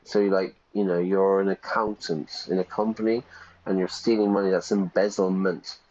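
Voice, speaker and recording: A man's voice: low-pitched, level tone, normal speed, a little mellow, muffled recording. A man hosting a game stream as an English teacher, explaining words with everyday examples and reading game lines aloud. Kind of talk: let's play commentary teaching vocabulary.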